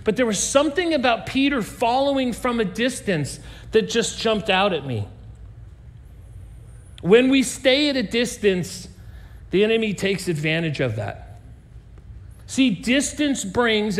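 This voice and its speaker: Male pastor, high voice, animated sermon, hushed low drops for emphasis.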